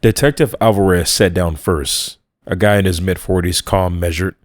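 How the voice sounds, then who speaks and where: A man narrating a first-person horror story in a tense, measured way. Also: low voice, fairly even intonation, no room sound.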